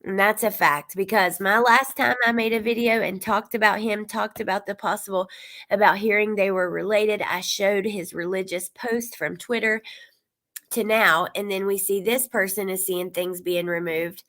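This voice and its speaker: A woman's voice: mid-range voice, steady tone, normal speed, a bit bright. A woman YouTuber giving casual, rambling true-crime commentary and talking straight to her viewers. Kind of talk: casual commentary reacting to clips.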